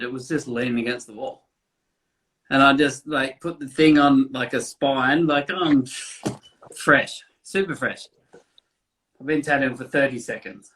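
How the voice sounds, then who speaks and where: A man's voice: medium pitch, fairly bright tone. A man, a tattoo artist rambling through stories with fillers and swearing. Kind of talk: casual chat.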